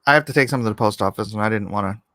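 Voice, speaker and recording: A man's voice: fairly low pitch, very fast, bright, forceful tone, no echo. A middle-aged man hosting a casual livestream from his home studio, rambling and joking as he fiddles with his camera setup. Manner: rambling, self-interrupting, jokey. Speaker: livestream host.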